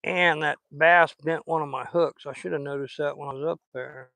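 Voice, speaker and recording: A chatty man with a Southern US drawl rambles in a folksy way as he fishes outdoors on a river. His voice sits a little high and rings bright and forceful, and the sound is dry and close. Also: fairly even intonation, normal speed, creaky, dry recording, low-quality recording. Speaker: fishing vlogger. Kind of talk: casual chat while fishing.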